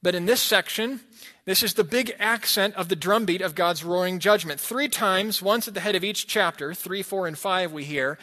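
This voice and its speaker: A man's voice: sits high, moderate pace, pushed and bright. A man preaching a sermon, reading scripture aloud with dramatic emphasis. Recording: long hall reverb.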